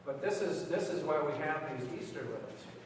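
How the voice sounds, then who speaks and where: A man's voice: fairly high pitch, lively intonation, brisk. A man preaching in a church, talking plainly with the children and asking them questions before his sermon. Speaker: pastor. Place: church sanctuary. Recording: echoey church from far off, faint hiss.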